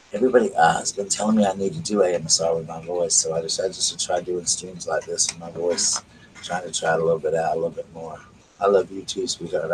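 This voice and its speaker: Soft-spoken man, very deep. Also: a little hiss or hum, poor audio. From South Carolina. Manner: quiet, slow, gentle murmur. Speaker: livestream host. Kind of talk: soft-spoken ASMR reading and chat.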